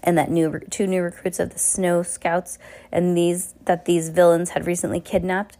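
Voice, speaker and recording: A woman's voice: on the low side, flat delivery, normal speed, mellow. A woman reading a novel aloud in an unpolished way, often stopping to correct herself. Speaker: reader.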